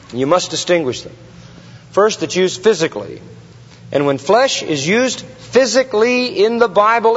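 A man preaching a sermon with emphatic repetition, putting rhetorical questions to the congregation. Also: sits high. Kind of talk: expository sermon. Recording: long hall reverb, dull lo-fi sound.

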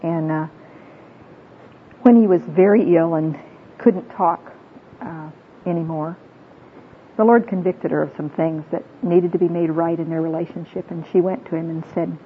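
Woman speaker, heartfelt sermon with stories, slightly low voice, lo-fi phone-like recording. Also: fairly even intonation, normal speed, pauses often. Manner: earnest, tearful storyteller. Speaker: Christian women's speaker. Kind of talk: sermon-like talk with personal stories. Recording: tinny phone-like sound with faint rumble.

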